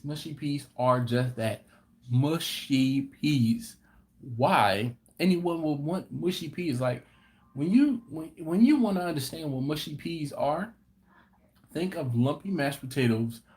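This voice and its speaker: A man's voice: on the high side, expressive. A man hosting a live-stream Q&A for his barbecue channel, telling stories at an easy pace and acting out what people said. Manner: unhurried, laughing storyteller who acts out quotes.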